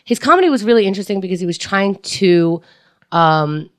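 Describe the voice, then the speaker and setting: A woman's voice: mid-range voice, expressive, fairly quick, dry recording, studio quality. A woman co-hosting a comedy podcast, blunt and opinionated as she tells a story in casual chat. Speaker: podcast co-host.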